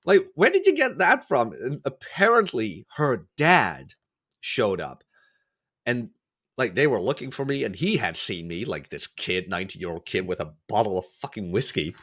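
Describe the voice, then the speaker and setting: A man getting over a cold chats casually as a podcast guest, telling stories in a very animated way at normal speed. His voice is lowish and a bit bright; he rambles, self-corrects and acts out quoted voices.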